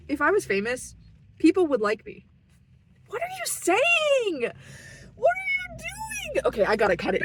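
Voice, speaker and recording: A woman's voice: a little high, fairly bright tone, a little hiss or hum, rough recording. A young woman chatting to camera from her parked car, rambling and self-deprecating with giggles. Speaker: vlogger. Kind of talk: casual rambling monologue.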